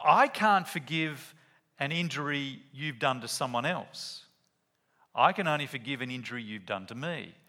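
Guy preaching a sermon, voice jumps all over, bright and forward, acts out little bits of the story. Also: fairly high pitch. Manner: animated storytelling with acted-out quotes.

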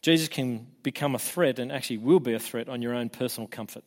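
A man preaching a sermon in an animated way, acting out the voices he quotes and often restarting his words. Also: mid-range voice, fast. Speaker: pastor.

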